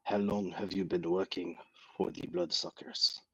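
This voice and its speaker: A stocky little French vampire hunter growls through a hammy fake French accent, as a man puts him on. The voice sits low and husky, dry and close, every line blunt and threatening. He is a tabletop game character built for bluster. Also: level tone, a little slow, dry recording, poor audio. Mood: menacing. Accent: fake French accent, deliberately bad. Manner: blunt, menacing, low and clipped. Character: short stocky gruff Frenchman vampire hunter with a huge gun.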